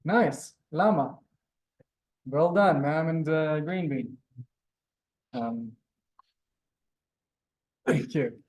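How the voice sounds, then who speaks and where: Guy teaching a beginner class on a video call, slightly high voice, slow, stretches out every word. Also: lively intonation, darkish tone. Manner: drawn-out, exaggerated pronunciation of words. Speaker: language teacher. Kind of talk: live online beginner lesson. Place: teaching room in front of a board.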